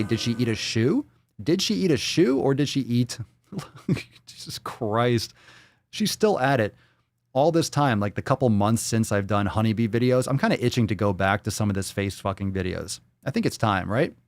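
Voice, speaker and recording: A man's voice: mid-range voice, darkish tone, dry recording. A man hosting a fitness show, reacting bluntly and crudely to a clip in profane live-stream commentary.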